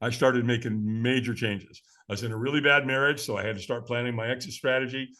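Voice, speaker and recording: A man's voice: mid-range voice, steady tone, fast, pushed and bright. A man in his sixties, a podcast guest telling a story with animation, acting out the voices of the people he quotes and chuckling along.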